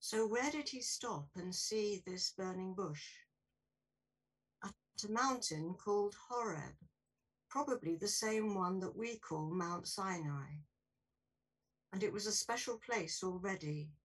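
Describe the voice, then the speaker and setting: A woman preaching a sermon in a church in a clear, explanatory way. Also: medium pitch, unhurried, recorded from a distance, low-quality recording.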